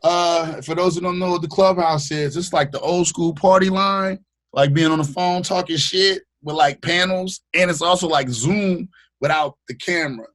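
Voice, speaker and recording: Animated slangy man telling stories. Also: fairly high pitch, moderate pace. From Bay Area, California. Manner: animated storyteller, slangy, acts out quotes. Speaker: radio host, podcast guest. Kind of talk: casual interview chat.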